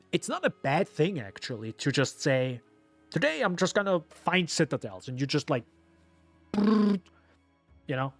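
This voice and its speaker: A man's voice: a little high, no room sound. A man streaming a video game, rambling casually to his viewers as he plays. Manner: rambling, chatty, talks to viewers. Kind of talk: live gameplay commentary.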